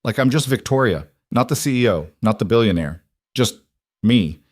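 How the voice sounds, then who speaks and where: A man's voice: lowish voice, expressive, moderate pace, dry recording, studio quality. A man voicing a guarded businesswoman. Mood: wry. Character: guarded driven businesswoman, adult female CEO.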